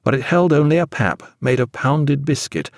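A man narrating a novel in measured, expressive storytelling. His pitch moves with animated variety around a middle register. The recording is close and dry with no room echo. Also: gravelly. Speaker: audiobook narrator. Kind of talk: scripted narration.

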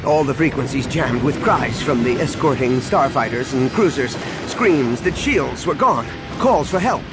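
A man reads an audiobook in a dramatic, expressive style. His pitch rises and falls widely through each sentence. Music plays clearly underneath the narration. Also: unhurried. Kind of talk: scripted narration.

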